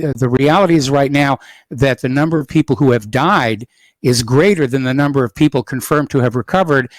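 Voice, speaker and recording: A man's voice: medium pitch, no echo, low-quality recording. Matter-of-fact male talk radio host.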